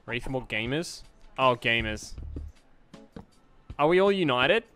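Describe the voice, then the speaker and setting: A man's voice: medium pitch, animated, measured pace, sharp tone, soft background music. A young man streaming a game, chatting casually with viewers, joking and greeting them with upbeat bursts. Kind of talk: casual gameplay chat with viewers.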